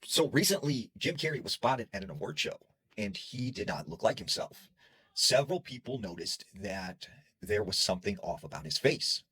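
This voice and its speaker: Guy with a husky low-ish voice telling a creepy story, chatty, swings his pitch around a lot. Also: sing-song, normal speed, sharp tone, poor audio. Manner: chatty, with filler words like "like". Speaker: horror storyteller. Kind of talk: casual spooky storytelling.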